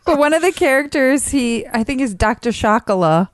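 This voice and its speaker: A woman's voice: high voice, animated, moderate pace, no room sound. A woman co-hosting a podcast in casual chat, enthusiastic and laughing often, on a close mic. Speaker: podcast co-host.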